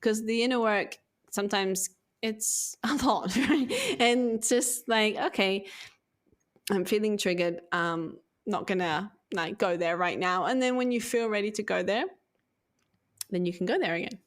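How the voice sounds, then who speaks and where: Woman, podcast guest, candid and animated storyteller, middle pitch. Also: measured pace. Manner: animated, expressive, acts out her own thoughts. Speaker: podcast guest, self-healing coach.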